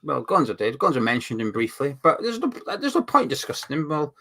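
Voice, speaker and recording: A man's voice: mid-range voice, sing-song, brisk, bright, forceful tone. A man co-hosting a casual football fan watch-along, rambling a little as he reads out viewer comments. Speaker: fan channel co-host.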